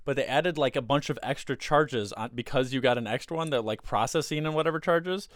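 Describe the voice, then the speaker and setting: A man's voice: mid-range voice, a little fast, a bit bright, dry recording. A man with an everyday mid-range voice hosts a loose podcast chat. He rambles through stories in an easygoing way and laughs often. His voice is dry and close, with no room sound behind it. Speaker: podcast host. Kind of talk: casual chat. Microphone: computer mic, with a co-host on a phone call.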